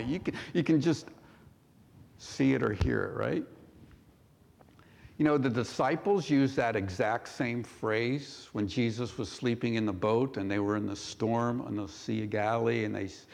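A male pastor preaching a sermon in a church, measured and full of rhetorical questions. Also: medium pitch, gravelly. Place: church sanctuary. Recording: long hall reverb.

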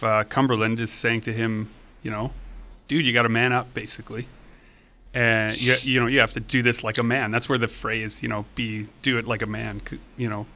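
Bright-voiced man hosting a podcast. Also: fairly low pitch, a little hiss or hum. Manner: animated storyteller, explains eagerly. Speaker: podcast host. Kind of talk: casual podcast chat.

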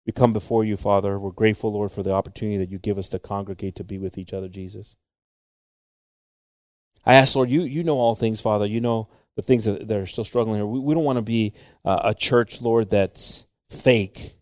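Low-voiced bilingual pastor, dry sound. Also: male voice, fairly quick, darkish tone, no echo. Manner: preaching, switches between English and Spanish; pleading prayer with repeated "Lord" and "Jesus". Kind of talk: bilingual sermon and prayer.

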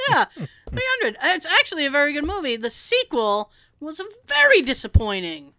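A woman co-hosting a casual movie chat, animated, laughing often and swearing casually. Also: high voice, unhurried, pauses often, dry recording. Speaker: podcast co-host.

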